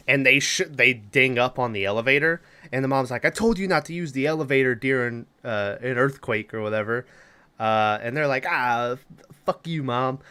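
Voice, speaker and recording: A man's voice: mid-range voice, pushed and bright, clear, resonant tone. A man co-hosting a podcast, casually recapping a movie plot in a rambling, loose way, full of fillers and swearing. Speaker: podcast co-host.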